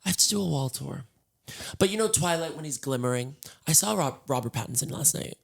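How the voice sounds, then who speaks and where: Tired, gravelly-voiced man rambling from bed. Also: a little high, expressive, a little fast. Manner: rambling, scattered and self-mocking. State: hoarse. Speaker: podcast host. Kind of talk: solo casual chat. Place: in bed at home.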